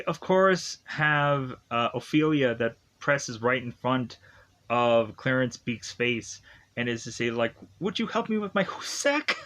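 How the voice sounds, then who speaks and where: A man casually recapping a movie plot, halting often and chuckling as he goes. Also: medium pitch, a bit bright. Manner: halting, filler-heavy, chuckling. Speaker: film reviewer.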